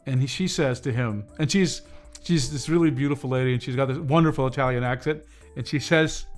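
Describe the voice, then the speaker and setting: A man's voice: medium pitch, brisk, hardly any pauses. Guy chatting on his stream, rambly, lots of uhs and restarts, faint music behind. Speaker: livestream host reviewing drawing tablets. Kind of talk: casual livestream chat with viewers.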